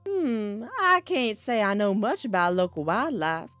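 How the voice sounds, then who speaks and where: A woman voicing a polite, soft-spoken older mother with a put-on Southern accent while reading a game aloud. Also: medium pitch, very animated, a little slow, dry recording, faint music behind. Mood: genteel. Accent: put-on American Southern. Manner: polite, gently concerned, lilting. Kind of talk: reading a visual novel aloud, doing voices.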